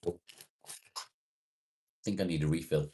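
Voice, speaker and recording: On a relaxed livestream, this man reads viewer comments aloud, greets people by name, and trades jokes with them. His voice is extremely low, with a steady, warm tone and a measured pace.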